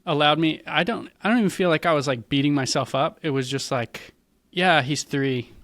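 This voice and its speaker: With a fairly high, fairly bright voice and a quick pace, a young man hosts a podcast, recorded without echo. As a father of young kids, he offers thoughtful, earnest reflections in a conversational interview.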